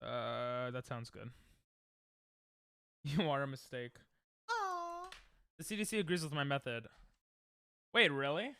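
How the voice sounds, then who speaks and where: Bright, crisp young male streamer. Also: mid-range voice, no room sound, clean studio sound. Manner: rambling, self-mocking, chats to viewers. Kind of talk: casual live-stream chat while gaming.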